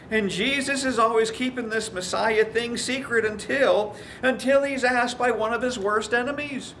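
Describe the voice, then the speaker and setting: A man's voice: very high-pitched, normal speed, few pauses, a bit bright, slight background noise. A man preaching a sermon as a pastor, telling stories and acting out the quoted voices. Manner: storytelling, acts out quoted voices.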